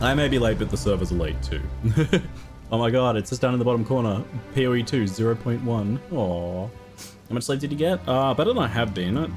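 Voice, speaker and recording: A man's voice: mid-range voice, a little mellow. A man casually chatting on a live stream, laughing often and thanking viewers by name. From Australia. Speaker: game streamer.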